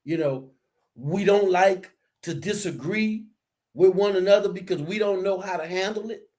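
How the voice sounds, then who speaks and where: A man co-hosting a casual discussion, talking in a preachy, animated way that rises to near shouts. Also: high voice, moderate pace.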